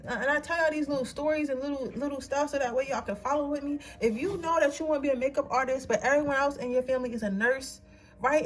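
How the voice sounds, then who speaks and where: Young woman w/ high voice doing a tarot reading, cussing and crying thru it. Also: slight background noise. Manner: slangy, swearing, preachy pep talk. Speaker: tarot reader. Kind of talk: casual tarot reading to camera.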